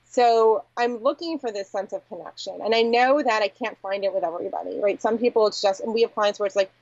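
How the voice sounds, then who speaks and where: A woman's voice: mid-range voice, quick pace, darkish tone, no echo. Candid woman guest, dry dull audio. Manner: candid, reflective, frequent "like" and "you know". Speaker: agency founder, podcast guest. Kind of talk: conversational interview.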